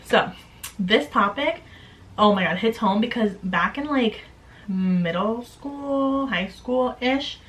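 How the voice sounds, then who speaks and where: A woman's voice: a little high, animated, slow pace, fairly bright tone, low-quality recording. A young woman vlogging at home in a chatty, upbeat, candid way, full of "like" fillers. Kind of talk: casual chat to camera.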